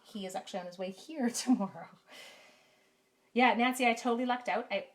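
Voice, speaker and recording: A middle-aged Canadian stamping demonstrator, her voice on the high side and a little fast, streams a live card-making lesson from her home craft room. She's chatty and self-deprecating, calling out viewers by name, with slight background noise on her camera mic.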